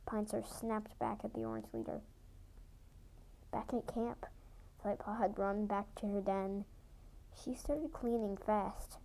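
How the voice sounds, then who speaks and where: A young woman reading her own fan story aloud, halting now and then to correct herself. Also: medium pitch, gravelly, mellow, poor audio. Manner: halting amateur reading with restarts. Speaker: fan audiobook reader.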